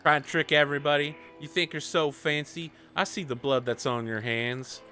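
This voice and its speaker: A woman's voice: deep voice, steady tone, moderate pace, sharp tone, soft background music. A man voicing a fierce, hot-tempered young gunslinger woman in a tabletop game, snapping and threatening. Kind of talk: tabletop game role-play.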